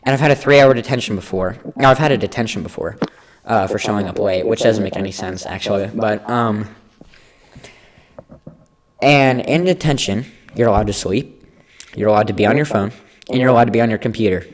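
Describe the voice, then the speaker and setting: A man's voice: fairly low pitch, a little fast. A teenage boy co-hosting a podcast, telling a school story in casual chat and acting out the people in it. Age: teens. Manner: animated, acts out quoted people. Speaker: podcast co-host.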